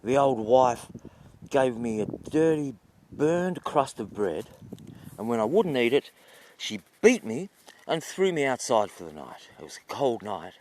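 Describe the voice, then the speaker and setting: A man's voice: mid-range voice, very animated, a little slow, a little mellow. A man voicing a resentful male farm dog in a told folk tale, complaining about his night. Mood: aggrieved.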